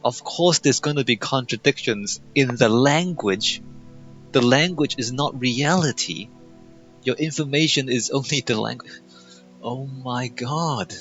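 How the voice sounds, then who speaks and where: A man's voice: mid-range voice, a little slow, a bit bright. A young man in casual gameplay commentary, sarcastic and mocking as he reads game dialogue aloud. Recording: muffled lo-fi mic over faint game music.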